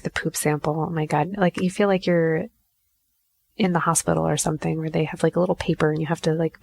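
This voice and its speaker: A woman hosting a podcast tells a personal story in a candid, self-mocking way, swearing freely. Her voice sits low with a gravelly fry. The sound is close and dry. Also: dry recording. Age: adult mother. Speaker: podcast host. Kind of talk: casual storytelling monologue.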